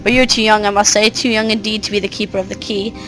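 A woman's voice: mid-range voice, level tone, fast, fairly bright tone, lightly acted, rough recording. A woman voicing a haughty, scornful ancient mother of darkness, reading her game dialogue aloud.

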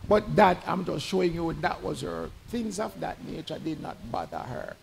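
A man's voice: a little high, moderate pace, creaky, hardly any pauses, slight background noise. A man giving a conversational, storytelling eulogy at a funeral service in a church. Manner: conversational, animated in the anecdotes. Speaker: tribute speaker at a funeral.

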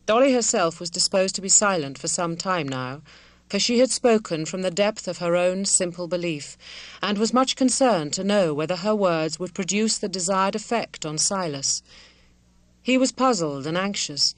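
A woman reading a classic novel aloud as an audiobook narrator, with measured, gentle storytelling. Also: on the low side, lively intonation, no echo. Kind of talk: scripted narration.

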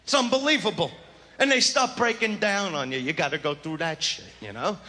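A man's voice: sits high, lively intonation, fairly quick. A male stand-up comedian with a brash, crude, swaggering delivery, on stage before a live audience. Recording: live show with loud crowd laughter and noise.

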